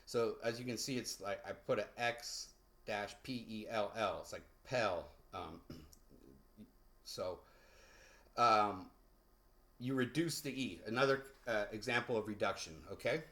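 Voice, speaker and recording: A man teaching English pronunciation in a relaxed, casual way, with many fillers and restarts. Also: fairly low pitch, a little slow, long pauses. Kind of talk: casual vocabulary lesson.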